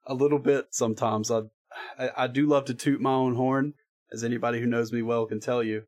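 A man's voice: mid-range voice, steady tone, a little fast, a little mellow. Laid-back rambling male voice actor. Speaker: freelance voice actor, guest. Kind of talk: casual podcast chat.

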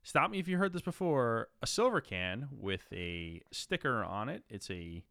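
A man's voice: medium pitch, big pitch swings, normal speed, vocal fry, bright, forceful tone, no room sound, clean studio sound. A man hosting a casual beer-tasting show, rambling and joking with lots of fillers and restarts. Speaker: podcast host. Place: room in New Jersey.

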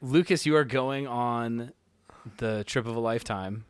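A young adult man co-hosting a movie podcast, casual and joking with quick teasing asides. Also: mid-range voice, clean tone, dry recording. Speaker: podcast co-host. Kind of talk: casual movie review chat.

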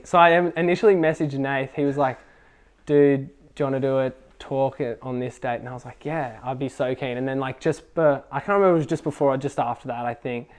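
A young man telling a faith testimony at a casual youth gathering, excitable and full of fillers. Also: on the high side. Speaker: youth group speaker.

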